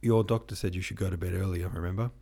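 A man's voice: deep voice, fairly even intonation, fast, vocal fry, dark tone, husky, full character voice. A man voicing a curt, irritable young prince who swears casually. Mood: stern.

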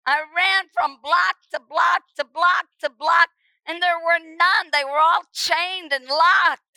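A middle-aged woman preacher telling her testimony with emphasis, often repeating words and rising to shouts at the dramatic moments. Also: extremely high pitch, creaky, no echo, poor audio. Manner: repeats words when stirred. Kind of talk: testimony sermon.

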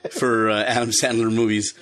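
A man co-hosts a relaxed podcast. He rambles from one story to the next and jokes as he goes. He laughs often. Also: lowish voice, moderate pace, a little hiss or hum. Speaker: podcast co-host. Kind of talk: casual chat.

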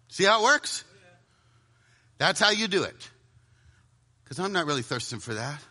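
A middle-aged man preaching a sermon to a live audience, dramatic, often dropping to a hushed voice for emphasis and acting out inner voices. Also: a little high, sing-song, takes it slowly, long pauses.

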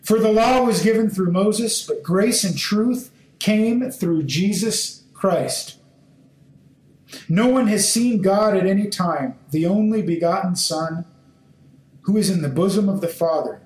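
A man preaching a sermon in a high, light voice, laying out scripture phrase by phrase at an unhurried pace. His delivery is measured and deliberate, building into pointed questions to his listeners. The recording carries a roomy echo. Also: a little mellow. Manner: slow, deliberate phrasing in short measured fragments; rising into emphatic questions to listeners. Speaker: Bible teacher.

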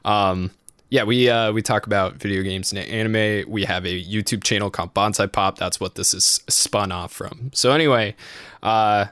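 A man's voice: lowish voice, steady tone, moderate pace, a bit bright, no echo. A man co-hosting a casual podcast, loose and chatty, swearing freely and restarting sentences often. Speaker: podcast co-host.

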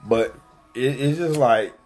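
A man's voice: medium pitch, slow pace, darkish tone, faint music behind. A man in casual chat, telling a family story in a heated, profane way.

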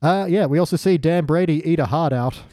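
A man in casual podcast chat about a TV show, riffing and slipping into quick comic voices. His voice sits a little high with a soft, mellow tone. The sound is close and dry. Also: no echo. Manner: jokey, acts out quotes in funny voices. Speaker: podcast co-host. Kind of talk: casual chat reviewing a TV episode.

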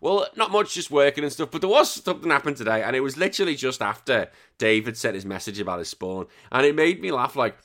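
A man hosting a podcast, chatting casually in a rambling, animated way and swearing freely. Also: medium pitch, fast talker, hardly any pauses. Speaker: podcast host.

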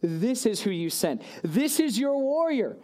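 A man's voice: very high voice, sing-song, a little slow, mellow, voice pushed up, exaggerated voice. A man voicing a taunting giant warrior who mocks a boy sent to fight him. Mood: mocking. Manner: mocking, incredulous.

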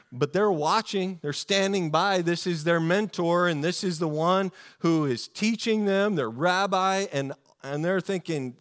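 A man preaching a sermon in a casual, animated storytelling way, with many fillers and restarts. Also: on the high side. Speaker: pastor.

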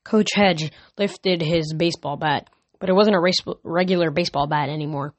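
A man reading a novel aloud as an amateur audiobook, steady with small slips. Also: fairly high pitch, moderate pace, no room sound. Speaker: reader.

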